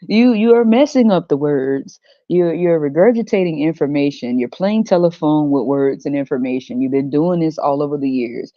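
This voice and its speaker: A woman's voice: sits low, moderate pace, dark tone, no room sound, lo-fi sound. A woman hosting a podcast who gives blunt, sarcastic commentary in casual slang. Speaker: podcast host.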